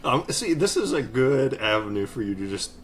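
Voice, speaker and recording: Easygoing and chatty, a man hosts a casual podcast, laughing along and telling long, rambling stories. His mid-range voice has a sing-song quality and a normal speed, with a little hiss or hum in the recording.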